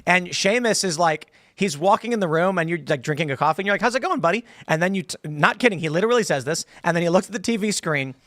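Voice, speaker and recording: A man hosting a casual panel chat in a studio, telling animated, jokey stories. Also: high-pitched, no echo. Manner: animated storyteller, quick and jokey. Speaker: show host. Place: podcast studio.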